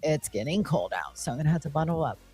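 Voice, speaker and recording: A woman's voice: sits low, very animated, quick pace, dark tone, husky, no room sound, soft background music. A woman co-hosting a podcast, talking in a laid-back, self-deprecating, casual way. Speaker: podcast co-host. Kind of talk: casual chat.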